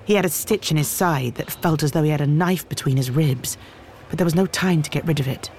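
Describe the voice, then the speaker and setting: Male audiobook narrator, measured. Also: a little high, slight background noise. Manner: measured, expressive storytelling. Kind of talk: scripted narration.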